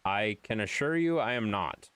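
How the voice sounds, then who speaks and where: A game streamer with a Wisconsin accent, a man who teases back at his chat and keeps telling them to stop it. His mid-pitched voice swings up and down a lot. The sound is dry and close, with little room. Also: expressive, normal speed, fairly bright tone, clean tone, dry recording. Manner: playful, mock-exasperated, reads and answers chat. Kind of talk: live-stream chat banter.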